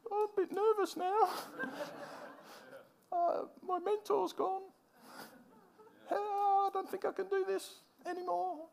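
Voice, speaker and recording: A man doing a nervous male disciple who whimpers and pleads in a thin, very high, wavering voice. He sounds lost and helpless without his teacher, with every line coming out as an anxious whine. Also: little pitch movement, takes it slowly, gravelly, long pauses, darkish tone, full character voice. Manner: whiny, pleading, trembling.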